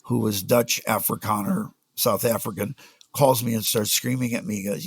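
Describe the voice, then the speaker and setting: Gravelly older man telling business stories. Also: lowish voice, moderate pace, no room sound. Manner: animated anecdotes, acts out quoted voices. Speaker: podcast guest, music business executive. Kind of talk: storytelling in a casual interview.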